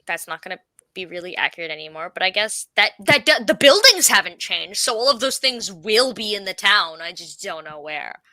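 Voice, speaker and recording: A young woman from Canada, bubbly and casual, chatting about her animated series and swearing now and then. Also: medium pitch, brisk, no room sound. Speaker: creator of an animated series, guest. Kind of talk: casual interview chat.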